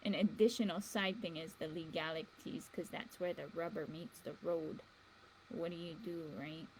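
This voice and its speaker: A woman's voice: on the low side, fairly even intonation, moderate pace, slight background noise, low-quality recording. A woman hosting a show in a meandering casual monologue, chuckling between thoughts. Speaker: livestream show host.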